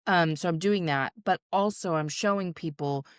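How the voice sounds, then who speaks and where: Middle-aged woman host, low voice, dry close sound, candid and emotional, casual swearing. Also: normal speed, smooth, dry recording. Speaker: podcast host, therapist. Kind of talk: candid conversational chat.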